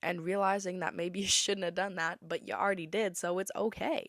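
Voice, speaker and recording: A woman's voice: fairly low pitch, fairly even intonation, brisk, a bit bright, no room sound, clean studio sound. A young woman, possibly a teenager, hosting a casual solo podcast, chatty and opinionated, sometimes breaking into song. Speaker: podcast host.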